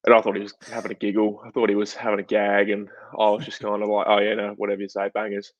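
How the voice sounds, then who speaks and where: A young Australian man, a guest footballer, telling a story in a chatty, animated way full of fillers. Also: fairly low pitch, quick pace, no room sound. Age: young adult. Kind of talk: casual interview storytelling. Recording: dull, dry lo-fi podcast audio.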